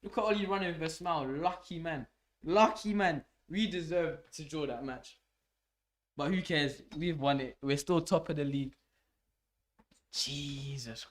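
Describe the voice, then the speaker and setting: A young man hosting a live football watch-along, swearing and shouting at the match as it unfolds. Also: a little high, unhurried. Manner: swearing, excitable, shouts at the game. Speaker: fan channel host.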